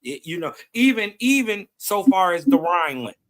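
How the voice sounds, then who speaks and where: Male co-host, bright forceful tone, slightly high, slangy explainer. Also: big pitch swings, moderate pace. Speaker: podcast co-host. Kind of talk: casual group discussion.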